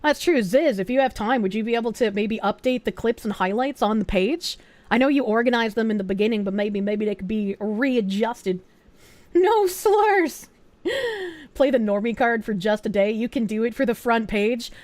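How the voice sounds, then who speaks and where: A woman streamer chatting casually to her viewers, excitable and swearing freely as she reads and answers chat. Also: on the high side, normal speed, no echo.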